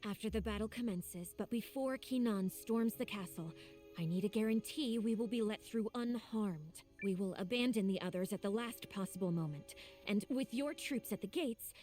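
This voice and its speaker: A woman's voice: medium pitch, moderate pace, darkish tone, faint music behind, close to an everyday voice. An actress playing a cold, proud noblewoman turned traitor in a game, with formal, haughty diction. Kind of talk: game voice acting.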